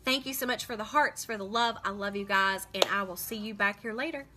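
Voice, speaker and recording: A woman's voice: medium pitch, a little fast. A middle-aged woman, chatting casually and emotionally to viewers on a livestream. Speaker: livestream host selling lip products.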